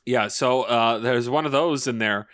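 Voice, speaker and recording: Young guy rambling on a podcast, halting, lots of uh and swearing. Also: medium pitch, a bit bright, clean tone. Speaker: podcast co-host. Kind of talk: casual chat.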